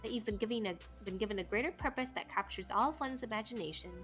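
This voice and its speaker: A woman's voice: on the high side, fast talker, fairly bright tone, faint music behind, lightly acted. A woman voicing a cryptic, teasing young nurse in a put-on British accent while reading game dialogue aloud.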